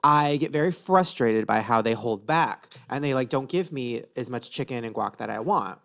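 A man's voice: mid-range voice, animated, normal speed, creaky, a bit bright. A man co-hosting a casual podcast chat, joking and swearing in a chatty way. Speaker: podcast co-host.

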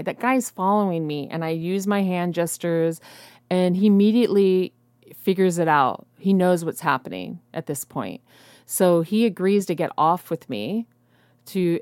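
A woman's voice: on the low side, darkish tone, no room sound. A young adult woman, telling a personal story in a casual, rambling way with lots of fillers and restarts. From United States. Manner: rambling, halting, many fillers.

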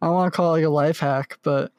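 A young man with a somewhat high voice chats in an easygoing way. He laughs along and agrees often. The recording is dry and close. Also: fairly even intonation, fast, a little mellow, no echo. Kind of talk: casual chat.

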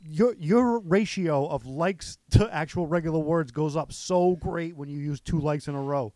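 Animated man chatting on a podcast. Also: a little high, normal speed, no echo. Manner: animated storyteller, laughs often. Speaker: podcast co-host. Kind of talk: casual podcast chat.

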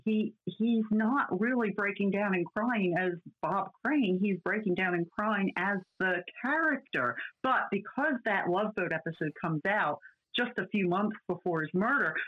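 A woman's voice: medium pitch, slightly rough. Woman, casual chat co-host, chatty with restarts, muffled lo-fi sound. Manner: chatty, many restarts and fillers. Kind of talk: casual chat about classic TV. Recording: dull lo-fi audio.

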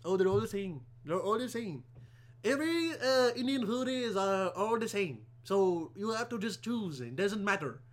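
A man putting on the voice of a dismissive man with an Indian accent, flatly repeating himself. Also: sits high, normal speed.

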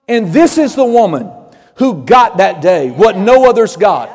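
A man preaching a sermon with fervor, building to shouts and acting out voices of Bible figures. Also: very high voice, animated, normal speed, in a large hall.

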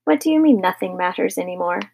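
A woman voicing a cheerful, brisk mother in a storybook reading. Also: a little high, expressive, creaky, breathy edge, pitched above the performer's own voice, heavily acted. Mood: bustling. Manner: brisk, bright, calling out. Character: cheerful busy mother, middle-aged woman.

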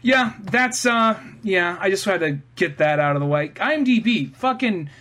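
Bright and forceful, this man's high voice moves with lively intonation at a moderate clip. He's co-hosting a podcast, chatting loosely, ranting profanely and laughing throughout.

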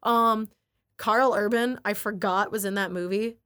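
A woman's voice: mid-range voice, fairly even intonation, measured pace, fairly bright tone. A young adult woman chatting casually as a podcast co-host, peppering her talk with "like" and retelling scenes with animation. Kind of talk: casual chat.

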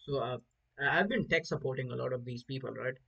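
A man's voice: medium pitch, quick pace, creaky, muffled recording, crowd noise. A man hosting a podcast, telling rambling stories in casual chat with lots of swearing and stumbling restarts. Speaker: podcast host.

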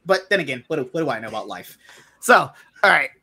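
Man hosting a podcast, lively pitch, husky edge, exclaiming and laughing a lot. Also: a little fast. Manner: animated, laughing, exclaims in disbelief. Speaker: podcast host. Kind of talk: casual chat.

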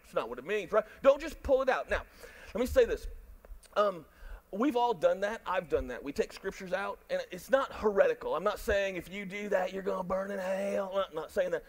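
High-voiced, animated preaching man. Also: a little fast. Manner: animated, jokey, talks to the crowd and online viewers. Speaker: pastor. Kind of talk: sermon.

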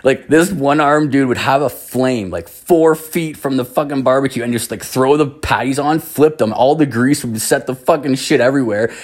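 A man's voice: mid-range voice, moderate pace, hardly any pauses. A young man from Canada, telling a rambling, profane story in casual chat, full of filler words.

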